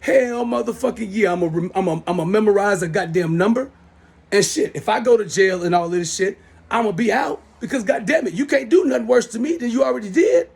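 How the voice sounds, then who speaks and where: Man, middle-aged, angry phone rant, husky voice, keeps repeating himself, profane. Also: sits high, fairly quick, a little mellow. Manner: heated, profane, repetitive. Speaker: self-styled show host. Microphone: smartphone.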